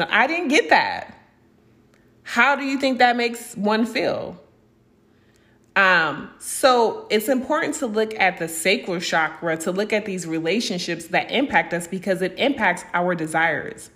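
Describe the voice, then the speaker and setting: A woman's voice: mid-range voice, lively intonation, measured pace, a bit bright. A young adult woman hosting a podcast, talking frankly and with feeling about her own life, swearing freely and acting out what other people said to her. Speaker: podcast host. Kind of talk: candid spiritual podcast monologue.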